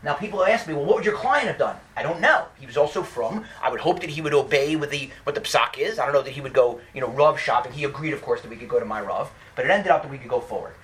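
A lawyer giving an animated storytelling talk, often restarting his sentences. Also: mid-range voice, quick pace, hardly any pauses, slight background noise. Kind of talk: storytelling lecture.

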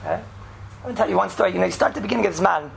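A woman gives a mock sermon, excitable and stammering, repeating her phrases. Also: medium pitch, racing, vocal fry, a crowd in the background. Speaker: preacher.

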